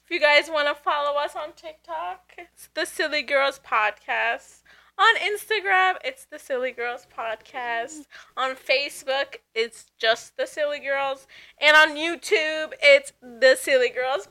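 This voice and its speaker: A woman's voice: sits high, a little slow, pushed and bright. A young woman co-hosting a casual podcast, playful and upbeat. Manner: playful, upbeat, bursts of laughter. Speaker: podcast co-host. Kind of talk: casual chat.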